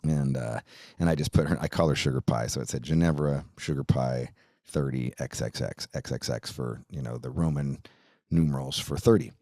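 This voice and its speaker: A man's voice: a bass voice, moderate pace, mellow, no echo. A middle-aged man tells a rambling, profane story as host of his own podcast. He leans on "dude" and "like" and swears casually. The sound is dry and close, with no room around it.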